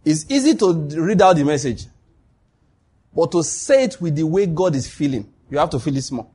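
A man preaching a sermon, telling stories with lively acted-out dialogue and frequent laughter. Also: a little high, moderate pace, husky. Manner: animated storytelling, laughs often, acts out dialogue.

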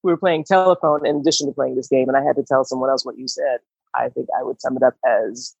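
A woman's voice: a bass voice, fairly even intonation, fast, creaky, a little mellow, husky, no echo. A woman in casual conversation, talking in a thoughtful, reflective way and laughing often. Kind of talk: casual chat. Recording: dull lo-fi dry sound.

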